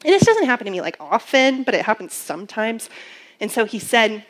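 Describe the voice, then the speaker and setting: A woman's voice: fairly high pitch, very animated, fairly quick. A young woman giving a personal testimony sermon as a campus minister, telling her story earnestly with many fillers.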